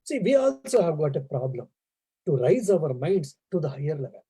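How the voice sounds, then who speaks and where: A monk giving an earnest spiritual talk, explaining as he goes and pausing on fillers. His voice sits high, with a mellow, husky tone. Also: very animated, low-quality recording. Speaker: monk and lecturer. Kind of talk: spiritual lecture with storytelling. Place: embassy lecture event.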